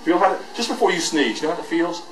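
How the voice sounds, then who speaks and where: A man with a fairly high voice coaches singers in a master class, lively and joking, breaking into quick vocal demonstrations. He is picked up from far off in an echoey school hall. Piano music plays clearly behind him. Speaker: voice teacher leading a master class. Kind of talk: teaching a class.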